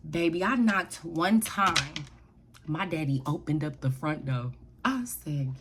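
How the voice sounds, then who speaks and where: A woman's voice: low voice, animated, slow pace, background noise. A young adult woman telling a story on her vlog in a loose, slangy way, laughing often. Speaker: vlogger.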